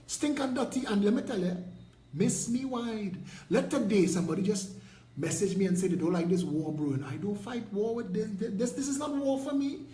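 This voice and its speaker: A Trinidadian man with a high voice delivers a fiery political rant, preachy and mocking by turns. He sounds like he's in an echoey room. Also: normal speed, warm tone. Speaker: political party leader. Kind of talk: impassioned video rant.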